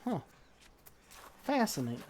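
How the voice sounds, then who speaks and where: During live gameplay commentary, a woman addresses the game's characters in an invented drawl laced with folksy slang, impatient and cursing. Her medium-pitched voice is husky, a little mellow, and sing-song, and she takes her time.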